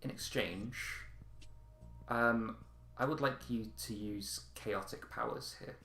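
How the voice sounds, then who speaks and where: A man's voice: lowish voice, slow, gravelly, sharp tone, reverberant. A man narrating as game master of a tabletop game, rambling with frequent ums and restarts.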